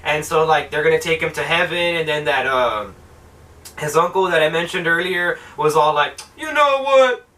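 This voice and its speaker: A young man rambles through a film review with lots of profanity and sarcasm. His voice is high and bright. He sounds a little far from the microphone. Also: normal speed. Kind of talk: casual film review rant.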